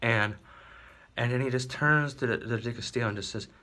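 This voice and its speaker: A man telling an absurd comic story in a rambling, halting way, full of fillers, sometimes dropping to a whisper. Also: medium pitch, pushed and bright. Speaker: comedian.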